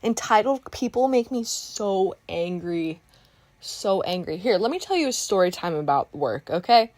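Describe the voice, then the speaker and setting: A young woman chatting casually while painting, telling a work storytime in an animated, exclamatory rant. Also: mid-range voice, normal speed, no room sound. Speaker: art vlogger telling a story time.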